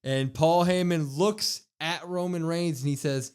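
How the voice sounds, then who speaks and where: A man co-hosting a wrestling podcast, recapping an episode in a casual, excited way and acting out the quotes in loud bursts. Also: a little high, a little slow, hardly any pauses, smooth. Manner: excited, acts out quoted lines with bursts of loudness. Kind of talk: casual recap, retelling promos.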